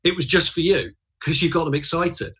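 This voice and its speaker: A male comedian and author in a casual panel chat, earnest and animated when recalling things. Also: on the high side, fairly quick, slightly rough.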